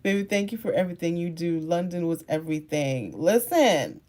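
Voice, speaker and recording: A woman content creator in a casual livestream chat, reading comments and answering viewers, animated and quick to laugh, moving between soft musing and excited outbursts. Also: medium pitch. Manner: laughs often, talks straight to viewers.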